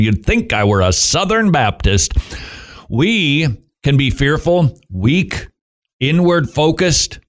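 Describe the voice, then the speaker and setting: A middle-aged man hosting Christian radio, giving a devotional talk with joking asides to himself. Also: mid-range voice.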